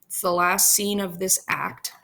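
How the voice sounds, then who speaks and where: A woman's voice: on the low side, fairly even intonation, measured pace, creaky, bright, forceful tone. A woman teacher casually explaining a play scene by scene to students.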